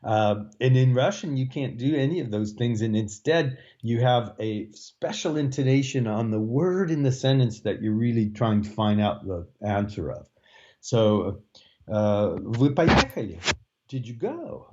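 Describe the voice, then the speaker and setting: A man's voice: mid-range voice, measured pace, dark tone, dull audio. A man, a Russian language professor explaining his teaching in an interview, with frequent fillers and restarts. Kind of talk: interview answers.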